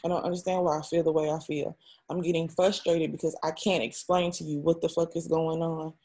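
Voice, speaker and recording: A woman's voice: sits low, little pitch movement, fairly quick, dark tone, husky. A young adult woman, an interview guest, telling a personal story in a raw, emotional and frank way, often swearing.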